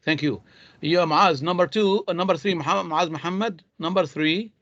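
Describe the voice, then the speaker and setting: A man teaching an English class online, patient and halting with many fillers. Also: on the high side, a bit bright, no echo. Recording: dull dry lo-fi sound.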